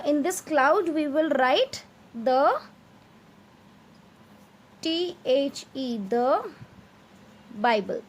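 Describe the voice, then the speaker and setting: A woman teacher with an Indian English accent, patiently leading children through a grammar exercise, spelling words letter by letter and quizzing the class. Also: high voice.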